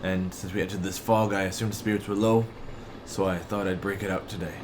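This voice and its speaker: A man's voice: low-pitched, steady tone, fairly quick, noisy background, lightly acted. A man voicing a male ship's cook who is proud of his rare catch, in a plain, matter-of-fact way, with music behind.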